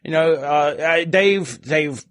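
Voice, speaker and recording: A man's voice: fairly high pitch, takes it slowly, fairly bright tone, no room sound. A man co-hosting a podcast, telling stories casually with lots of laughter and swearing. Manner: laughing, swearing, rambling storyteller. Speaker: podcast co-host.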